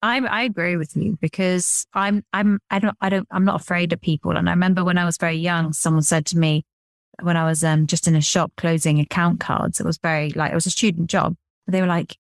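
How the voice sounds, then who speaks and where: An English woman co-hosting a podcast, chatting in a lively storytelling way with easy laughs. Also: on the low side, brisk, no echo, studio quality. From England. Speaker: podcast co-host. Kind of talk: casual chat.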